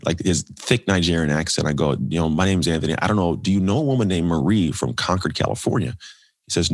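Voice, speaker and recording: A man with a low, slightly husky voice talks quickly and animatedly, telling a personal story as a podcast guest. He slips into other people's voices as he quotes them. The sound is close and dry. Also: expressive, dry recording. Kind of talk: storytelling in a casual interview.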